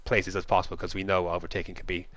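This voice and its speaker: A man commentates on an esports race in a low voice. He talks in lively play-by-play with the odd chuckle. The sound is dry and close to the mic. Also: racing, no echo. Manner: lively play-by-play with light laughs.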